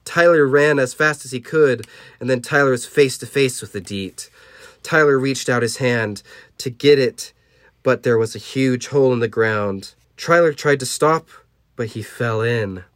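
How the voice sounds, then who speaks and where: A man's voice: medium pitch, measured pace, a bit bright, no room sound. A man hosting a podcast, playfully reading a children's story aloud with sound effects, recorded in a small closet. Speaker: podcast host.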